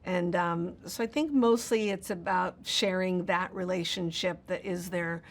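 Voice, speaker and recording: A woman's voice: fairly low pitch, fairly even intonation, measured pace. A woman film producer talking casually in a press interview, rambling with many fillers and restarts.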